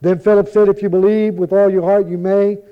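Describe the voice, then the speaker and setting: A man reciting scripture in a measured, solemn way, with the odd stumble over a word. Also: high-pitched, little pitch movement, clean tone. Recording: dull lo-fi recording.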